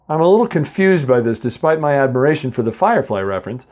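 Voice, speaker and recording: A man's voice: medium pitch, sing-song, fast, hardly any pauses, a little mellow, dull audio. A man from the Boston area reading a comic first-person story, rambling and chatty with lots of asides to the listener.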